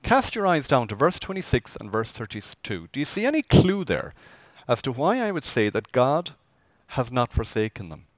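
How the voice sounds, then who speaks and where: Pastor preaching with lively pitch. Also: male voice, moderate pace, no echo. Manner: lively, conversational preaching with rhetorical questions. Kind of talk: sermon.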